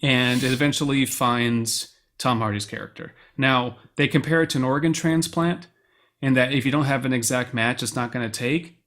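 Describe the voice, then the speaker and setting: Casting: us man, podcast co-host, animated film recap, middle pitch. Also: normal speed. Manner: animated storyteller, quotes lines in put-on voices. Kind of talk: casual chat, film recap.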